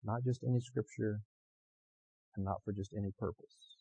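A man preaching a sermon as pastor, swinging between loud emphatic passages and quiet conversational asides to the congregation. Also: on the low side, fairly even intonation, normal speed, husky, no echo, poor audio.

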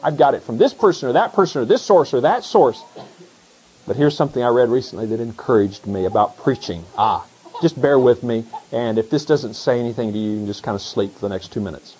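A middle-aged man, a pastor, preaching a conversational sermon that swings between hushed asides and excited emphasis. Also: mid-range voice, brisk, a little hiss or hum, rough recording.

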